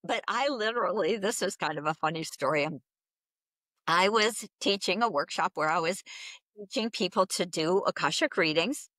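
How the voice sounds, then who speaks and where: Woman, guest, spiritual teacher, animated storyteller, frequent laughter, dry close mic. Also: lowish voice, normal speed, dry recording. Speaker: guest, Akashic Records teacher. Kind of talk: casual spiritual interview talk.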